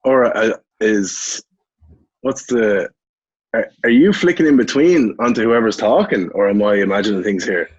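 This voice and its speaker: A man's voice: lowish voice, normal speed, muffled recording. An Irishman in his twenties chatting as a podcast guest over a video call, laid-back and joking, with casual swearing. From Ireland. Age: 20s. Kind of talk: casual chat.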